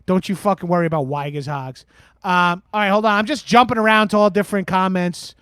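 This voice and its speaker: Playing a crude, bragging radio host with a Long Island accent, this man takes calls on an improvised comedy show, all swagger, profanity, and "bro." He speaks fairly quickly in a high-pitched, slightly bright voice that is clear and resonant, with no room sound.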